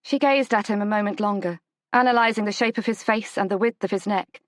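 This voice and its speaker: Gentle woman narrating a novel. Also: no room sound. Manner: measured, gentle storytelling, lifts pitch for the heroine's lines. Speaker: audiobook narrator. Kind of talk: scripted narration of a romance novel.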